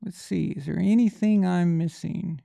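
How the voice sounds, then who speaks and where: Gravelly-voiced man rambling on a livestream. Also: sits high, moderate pace, dark tone. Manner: rambling, thinks aloud, trails off. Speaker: livestream host. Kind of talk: casual livestream chat.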